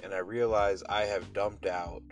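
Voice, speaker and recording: A man's voice: on the low side, steady tone, unhurried. A man hosting his morning podcast, talking casually in an upbeat, rambling, motivational way over faint music. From Pacific Northwest. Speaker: podcast host.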